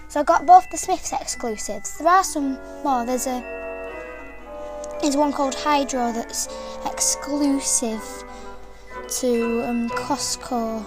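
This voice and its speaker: British woman, high voice, unhurried toy demo that rambles and self-corrects, soft music underneath. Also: low-quality recording. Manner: rambling, eager, often correcting herself. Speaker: toy reviewer. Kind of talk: casual toy demonstration.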